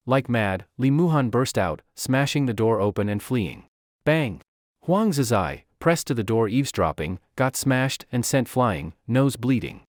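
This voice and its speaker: A man narrating a scripted story recap in a brisk storytelling way. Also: medium pitch, animated, no room sound, clean studio sound.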